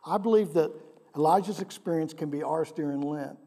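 A man's voice: a little high, fairly quick, vocal fry, dark tone. A male pastor delivering a sermon in a conversational way, often putting questions to his congregation. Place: church sanctuary. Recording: long reverb of a large hall.

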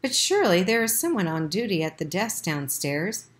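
A woman voicing an anxious, gentle mother who soothes her sick son. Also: lowish voice, very animated, moderate pace. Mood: worried. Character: worried gentle mother, middle-aged.

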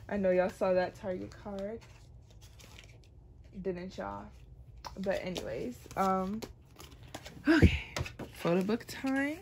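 A young woman chats through an album unboxing, playful and easily amused, making dramatic complaints. She talks at an unhurried pace in a mid-range voice. Faint clicking and handling noise sits behind her. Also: medium pitch, gravelly, a little mellow. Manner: chatty and playful, often laughing, with dramatic complaints. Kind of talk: casual unboxing chat.

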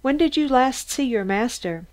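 A woman voicing a brisk, impatient male police commissioner who questions sharply. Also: sits high, lively intonation, darkish tone, voice pushed up. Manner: curt, demanding.

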